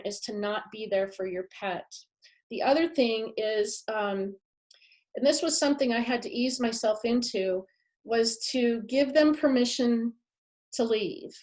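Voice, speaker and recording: A woman's voice: a little high, darkish tone. A woman giving a live masterclass talk on pets and the afterlife, earnest and emphatic, often repeating her key phrases. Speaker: pet afterlife speaker.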